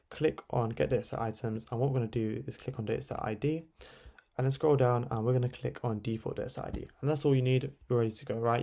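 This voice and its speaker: Chatty man, gravelly and mellow. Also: medium pitch. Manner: chatty, loose, lots of fillers and tag questions. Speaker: tutorial host. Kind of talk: casual screen-recorded tutorial.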